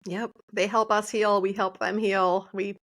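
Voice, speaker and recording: A woman in her forties, a podcast guest, telling family stories with many fillers and quick laughs. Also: mid-range voice, little pitch movement, fairly bright tone. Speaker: podcast guest, author and coach. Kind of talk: candid podcast conversation.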